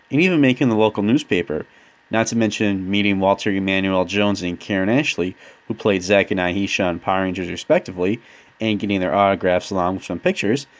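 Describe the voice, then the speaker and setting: A man narrating his own vlog in a steady, plain, scripted voice-over. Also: lowish voice. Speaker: vlogger.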